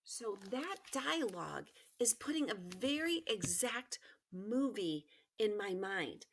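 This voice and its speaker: Woman teacher, recorded lesson for kids, bright, emphatic, repeats key points. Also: medium pitch, sing-song, slow. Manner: emphatic, repetitive, encouraging. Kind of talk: recorded remote lesson for pupils.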